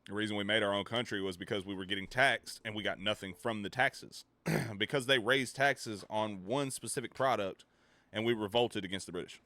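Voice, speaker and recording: A man streamer ranting in casual chat, animated, swearing and laughing between points. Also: on the low side, fairly quick, no room sound. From United States.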